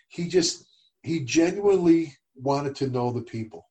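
A middle-aged man co-hosting a casual talk show, telling stories and getting animated when he quotes others. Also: a little high, measured pace. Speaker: podcast co-host. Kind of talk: casual conversation.

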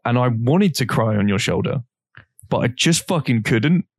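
A man's voice: medium pitch, expressive, normal speed, no echo. Young guy rambling through a story, swears a lot, dry close sound. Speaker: podcast co-host. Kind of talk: casual chat.

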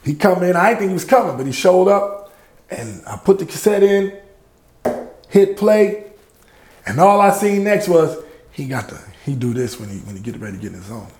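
This high-voiced man, a middle-aged Louisiana native who produces music and heads a label, speaks at a moderate pace in an echoey space. In a podcast interview he spins animated stories, mimicking quoted voices and laughing a lot.

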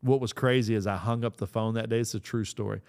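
A man with a somewhat low voice tells a personal story as a podcast host. He speaks earnestly and conversationally, doubling back on words and restarting phrases as he goes. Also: steady tone, quick pace, a little mellow.

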